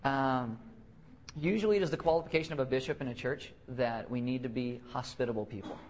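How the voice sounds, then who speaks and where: A young male pastor with a voice that sits in the middle, neither high nor low, preaching in a loose and joking way. He stumbles and repeats his words, and he slips into short put-on voices to poke fun at people. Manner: joking, self-deprecating, acts out quick voices; halting restarts and repeated words. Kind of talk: casual sermon teaching.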